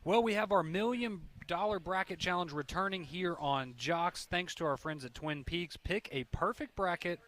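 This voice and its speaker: A man hosting a radio talk show, relaxed and agreeable. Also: sits high, normal speed, hardly any pauses. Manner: relaxed, agreeable, reads promos. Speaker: radio host. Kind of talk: casual sports radio chat.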